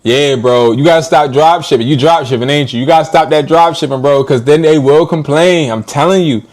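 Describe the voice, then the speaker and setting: A man ranting casually to his live stream viewers in an animated, slangy way, often laughing. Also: a little high, brisk.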